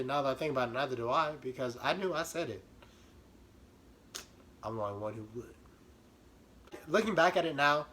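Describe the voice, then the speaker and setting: Young man, comic storytime, animated and self-mocking, bright forceful voice, fairly high. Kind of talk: comedic storytime.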